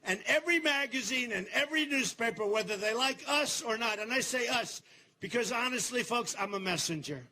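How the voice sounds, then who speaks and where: An older man giving a campaign rally speech in a large venue, boastful and repetitive, turning to the crowd with asides and shouted slogans. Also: extremely high pitch, animated, brisk, a little hiss or hum. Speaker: political candidate.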